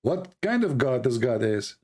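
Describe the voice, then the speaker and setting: A man's voice: mid-range voice, very animated, moderate pace, darkish tone, slightly rough. A man who is losing his voice, hosting a call-in debate, pressing the caller and repeating his questions. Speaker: debate host.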